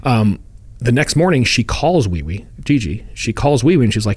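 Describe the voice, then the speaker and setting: A man's voice: medium pitch, very animated, moderate pace, darkish tone, slightly rough, no echo. A man co-hosting a true crime podcast, telling the case in a casual, storytelling way and chuckling often. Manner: storytelling, acts out quotes in funny voices. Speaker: podcast co-host.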